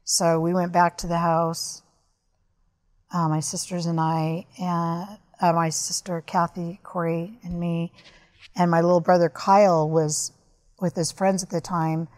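A woman's voice: fairly low pitch, level tone, unhurried, a little mellow. A woman guest on a podcast, candidly and earnestly recounting a personal story.

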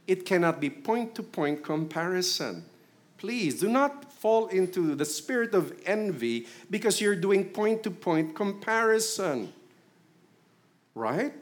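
Filipino man, middle-aged pastor, sermon, conversational, slightly high voice, very animated pitch. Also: takes it slowly. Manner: conversational, asks the congregation questions.

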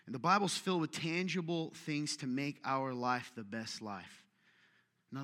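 A man's voice: a little high, pushed and bright. A male pastor preaching a sermon in a church, joking with and teasing the congregation between emphatic calls. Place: church hall.

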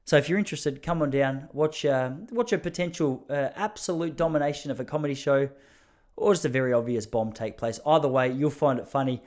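A man in his thirties talks alone on his podcast in a mid-pitched voice. He rambles and mocks himself, laughing at his own jokes. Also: fairly quick, a little mellow. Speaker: podcast host. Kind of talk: casual solo monologue.

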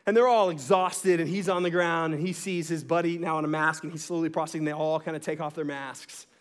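A man with a high voice preaching a sermon as a pastor. He tells a story with lively energy, keeps checking in with "right?", and breaks into laughter along the way. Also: fairly quick. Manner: animated storyteller, asks "right?" often, laughs mid-story.

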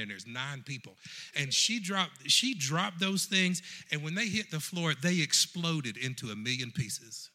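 A middle-aged man preaching a sermon, telling a story and addressing the congregation directly in an animated way. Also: fairly high pitch.

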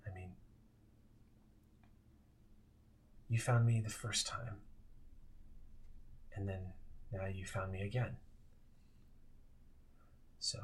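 A man voicing a quiet, gentle young male ghost who speaks haltingly. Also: on the low side, a little hiss or hum. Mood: hesitant. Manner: hesitant, halting speech.

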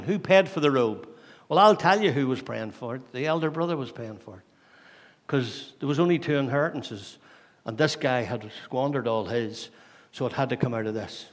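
A man preaching a sermon, asking many questions and dropping from loud to hushed. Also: medium pitch. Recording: long hall reverb.

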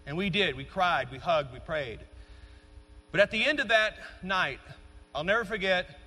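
A man's voice: sits high, animated, moderate pace, sharp tone. A middle-aged man preaching a passionate sermon to his church, building to emphatic peaks. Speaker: pastor. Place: large church sanctuary. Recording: long reverb of a large church.

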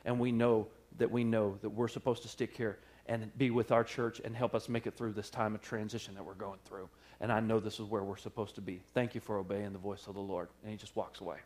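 A man preaching, telling a personal story in a sermon with lively acted-out quotes and frequent laughter. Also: lowish voice, brisk, hardly any pauses. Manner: animated storyteller, acts out quotes, laughs often. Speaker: pastor. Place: church service.

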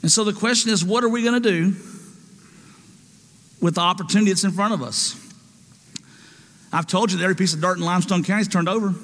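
Male preacher, high bright voice, emphatic call-and-response delivery, churchy reverb. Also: fast talker, long pauses. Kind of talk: sermon.

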